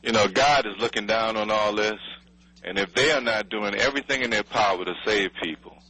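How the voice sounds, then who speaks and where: Husky New man, angry and blunt, heard over radio audio. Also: on the low side, fairly quick, sharp tone, rough recording. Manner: furious, blunt, swearing, pleading. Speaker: city official interviewed by radio.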